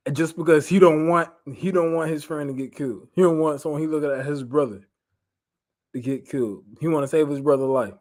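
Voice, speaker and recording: A man, leading an informal Bible study, animated and repeating phrases for emphasis. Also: fairly high pitch, fairly quick. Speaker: Bible teacher.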